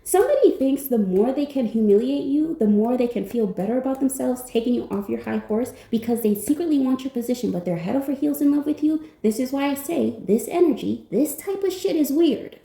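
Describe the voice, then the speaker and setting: A woman doing a pick-a-pile tarot reading, her voice high and gravelly, with a mellow, dark tone. She talks bluntly and casually and swears now and then. The sound echoes around the room. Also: animated, brisk, few pauses. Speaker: tarot card reader.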